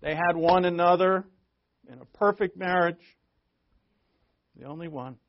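A man's voice: high voice, unhurried. A man preaching a sermon as pastor, talking in a conversational way and joking with the congregation. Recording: dull lo-fi recording.

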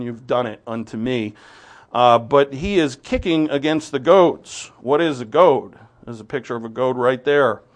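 Joking preacher man, mid-pitched. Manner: joking asides to the congregation, lively emphasis. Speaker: pastor. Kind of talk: sermon. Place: church sanctuary.

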